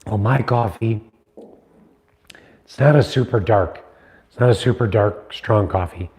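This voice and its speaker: With a measured pace and a voice on the low side that's a touch mellow, a middle-aged man rambles casually to his livestream viewers and teases them. He hosts the stream and makes knives.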